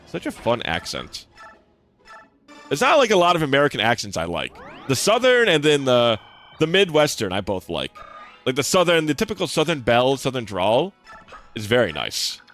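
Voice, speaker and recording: A man's voice: medium pitch, sing-song, a little fast, fairly bright tone. A young man giving casual, rambling commentary while streaming a video game, with lots of fillers and restarts. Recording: faint game music behind.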